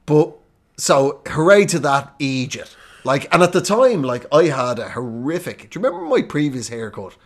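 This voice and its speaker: An Irish man co-hosting a comedy podcast, telling stories in a lively way and laughing through his lines. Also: fairly high pitch, moderate pace. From Ireland. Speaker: podcast co-host. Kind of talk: comedic storytelling chat.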